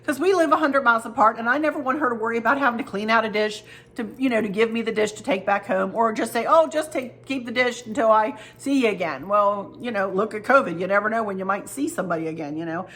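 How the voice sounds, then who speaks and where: A woman's voice: fairly high pitch, fast talker, fairly bright tone. Chatty woman vlogging from home. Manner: chatty, storytelling, talks to viewers directly. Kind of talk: casual chat showing gifts. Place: home, at the kitchen table.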